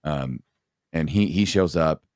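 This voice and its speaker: A man's voice: a bass voice, takes it slowly, a little mellow, dry recording, clean studio sound. A middle-aged man, a former police sergeant, telling blunt, profane stories from the job in a casual podcast chat.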